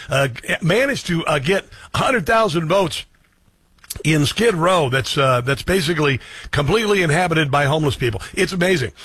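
A husky-voiced man hosting a talk show, sitting a touch higher than most male voices. He rambles through political commentary, dropping sarcastic asides, and the sound is close and dry. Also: a bit bright, no echo.

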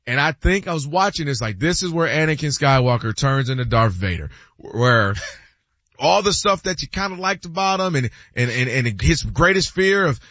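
Male sports talk host, high bright voice, emphatic, dry slightly dull mic. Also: lively intonation, moderate pace, no echo. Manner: emphatic, acts out quotes in shifting voices. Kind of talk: animated sports debate.

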